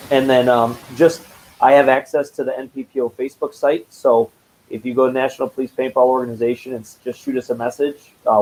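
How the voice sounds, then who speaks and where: A man who organizes police paintball, guesting on a casual show and explaining things in a measured way with some fillers. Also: mid-range voice, darkish tone, a little hiss or hum, poor audio. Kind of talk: casual interview.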